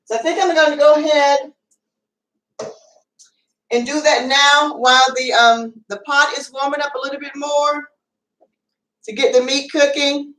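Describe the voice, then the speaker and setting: Woman, cooking show host, high voice, chatty and rambling; roomy kitchen sound, off-mic. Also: steady tone, measured pace, pauses often, a bit bright, recorded from a distance. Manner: chatty, rambling, many fillers. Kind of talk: casual cooking demonstration. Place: home kitchen. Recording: echoey room, away from the mic.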